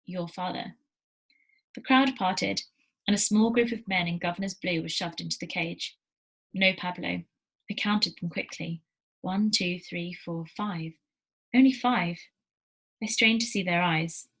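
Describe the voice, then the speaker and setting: A teacher reading a novel aloud to her class in a steady storytelling manner, with small slips. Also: lowish voice, a little slow, breathy edge, low-quality recording.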